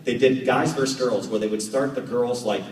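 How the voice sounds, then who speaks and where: A man's voice: mid-range voice, normal speed, distant mic. American man telling stories in an echoey hall. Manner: animated, acts out conversations, many fillers. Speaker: guest speaker, professional triathlete. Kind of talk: storytelling talk to a club audience. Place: club meeting room with audience. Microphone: camera at the back of the room.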